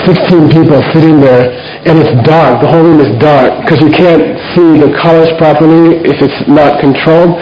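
A man's voice: a little high, roomy sound, highs cut off. A man giving a Buddhist Dharma talk, telling a long story in a rambling way and often checking in with "you know" and "okay?". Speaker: Buddhist teacher.

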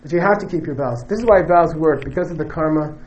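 A man's voice: a little high, quick pace, a little mellow, a little hiss or hum, rough recording. A man giving a Buddhist teaching to a live audience, conversational and joking, who often stops to check in with "okay?" and "you know". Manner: joking, emphatic asides.

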